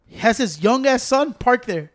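A man's voice: very high-pitched, animated, normal speed. A man, ranting heatedly and profanely in casual podcast chat.

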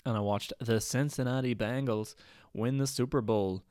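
A podcast host from Northern Ireland rambles and rants on his solo show, leaning heavily on "like." His medium-pitched voice is steady, a little mellow and moderately paced, with no echo.

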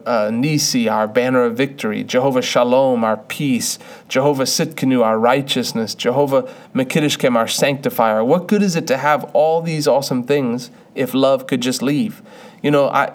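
Earnest young man preaching conversationally. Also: mid-range voice. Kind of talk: sermon.

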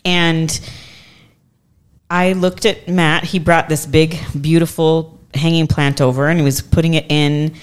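A woman in her forties speaks in a low, clear, resonant voice at a slightly slow pace. Chatting casually on a podcast, she relates a lengthy personal story and animatedly performs the quoted voices of others.

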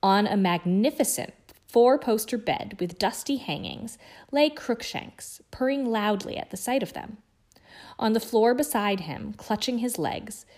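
A woman guest reader narrating a novel chapter aloud in a measured, hushed way. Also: medium pitch.

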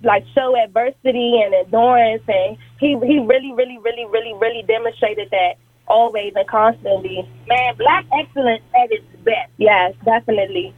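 Young woman caller, emotional, rambling, highish voice, tinny phone line. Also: normal speed, no room sound. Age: 20s. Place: hair salon.

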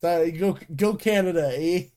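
A man's voice: high voice, a little slow, mellow, smooth. A man co-hosting a podcast in casual chat, teasing and swearing freely. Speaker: podcast co-host.

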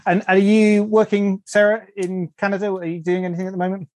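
A man's voice: high-pitched, level tone, brisk, a little mellow, dry recording. English podcast host guy, super enthusiastic, stumbles over words, dry close sound. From England. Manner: enthusiastic, repeats words while thinking. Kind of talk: casual podcast interview.

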